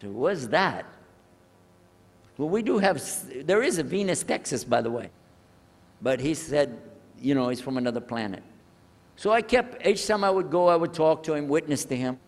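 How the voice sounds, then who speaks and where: An older male religious speaker telling a personal story to an audience, acting out the dialogue with lively changes of voice. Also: on the high side, moderate pace, pauses often, big-room sound. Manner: animated storyteller who acts out the dialogue.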